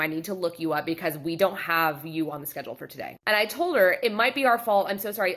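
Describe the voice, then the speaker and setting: A middle-aged woman, a photographer telling a story in a casual vlog and acting out the people in it. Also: lowish voice. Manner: animated storytelling, acting out quotes. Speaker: photographer and studio owner.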